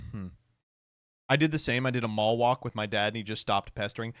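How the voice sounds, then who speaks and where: A man's voice: medium pitch, fairly quick, fairly bright tone, clean tone, no echo, clean studio sound. A man streaming reaction commentary, sarcastic and swearing, laughing often.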